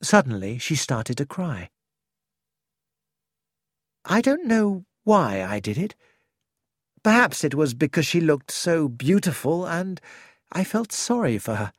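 An audiobook narrator reading a first-person story in a measured, deliberate way. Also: mid-range voice, sing-song, breathy edge, no room sound, clean studio sound. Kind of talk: scripted narration.

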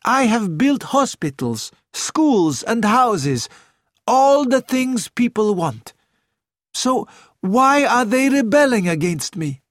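A man's voice: very high voice, very animated, slow pace, dry recording, clean studio sound, voice pushed up, full character voice. A man reading an audiobook and voicing a sad, anxious young prince with an earnest, pleading manner. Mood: troubled.

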